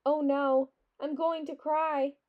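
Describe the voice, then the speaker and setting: An earnest, dramatic young girl from a storybook, as a woman reading aloud puts her on, with a high, bright voice. The lines come in short, wondering exclamations. The recording sounds dull and lo-fi. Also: little pitch movement, takes it slowly.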